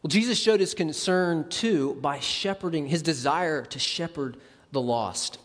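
A man preaching a sermon as a pastor, conversational and animated, acting out quick asides. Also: fairly high pitch, long reverb tail.

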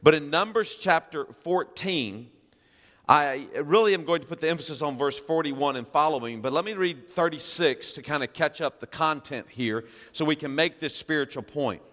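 A male pastor delivers a sermon in a somewhat high voice, reading scripture and pressing the congregation with questions. His emphatic delivery carries a long reverb from a church sanctuary. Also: moderate pace, fairly bright tone.

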